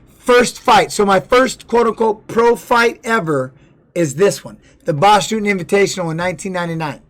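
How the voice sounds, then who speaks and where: A man's voice: sits high, a bit bright. Blunt, profane middle-aged man streaming. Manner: blunt, profane, with many restarts and "you know what I mean". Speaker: former fighter streaming to viewers. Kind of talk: casual livestream storytelling.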